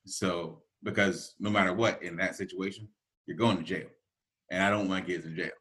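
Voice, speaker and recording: A man's voice: deep voice, moderate pace. A middle-aged man, a podcast co-host, telling family stories in casual chat and laughing often. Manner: animated storyteller, laughs often.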